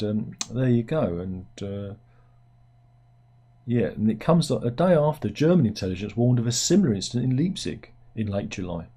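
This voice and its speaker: A man's voice: fairly low pitch, warm tone, slightly rough. A British man hosting a satirical news commentary, rambling along with jokey asides as he reads out headlines. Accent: British English. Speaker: host.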